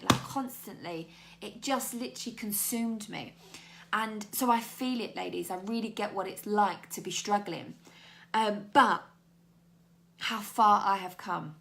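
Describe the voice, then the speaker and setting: British woman, young, life coach, candid motivational chat, gravelly edge, mid pitch. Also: moderate pace. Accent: British English. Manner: candid and chatty, addressing viewers as ladies. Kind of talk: motivational talk to camera.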